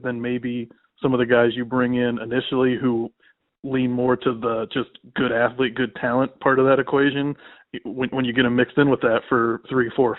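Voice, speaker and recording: A man's voice: medium pitch, dry recording. Male guest, conversational analyst, mid-range voice, tinny dry phone audio. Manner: conversational, frequent "like" and "you know". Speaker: podcast guest. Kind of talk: casual sports analysis.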